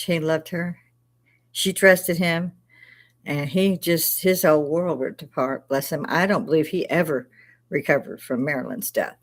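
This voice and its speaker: Older woman rambling on a live chat. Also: low-pitched. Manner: rambling, outspoken, swears freely. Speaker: live stream host.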